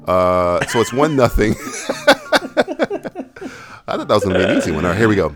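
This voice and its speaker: A man's voice: deep voice, very animated, a little fast, long pauses, soft background music. A man hosting a casual podcast quiz game who laughs often, swears freely and teases his guests. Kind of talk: casual chat.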